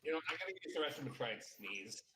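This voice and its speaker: A man's voice: mid-range voice, sing-song, very fast, pushed and bright. A man chatting casually while gaming, jokey and playfully dramatic. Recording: echoey room with faint noise.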